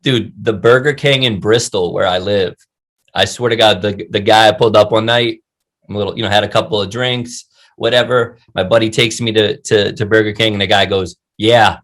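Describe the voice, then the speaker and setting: A young man hosting a casual podcast, with a voice on the low side. He jokes around, swears freely and keeps the chat loose and friendly. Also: steady tone, a little fast, fairly bright tone. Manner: laid-back, swearing, jokey. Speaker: podcast host.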